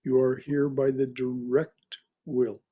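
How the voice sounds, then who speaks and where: A man teaching a religious class, reading stories aloud slowly and deliberately and stopping to comment on them. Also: mid-range voice, flat delivery, dark tone, husky. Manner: slow, deliberate reading with repetitions and restarts. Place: online class.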